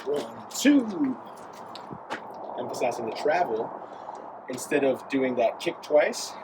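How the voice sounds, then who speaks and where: A man's voice: mid-range voice, moderate pace, noisy background. A man teaching a dance step, explaining and counting the beats aloud as he demonstrates. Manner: counts steps aloud while dancing. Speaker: dance instructor. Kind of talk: dance tutorial while demonstrating.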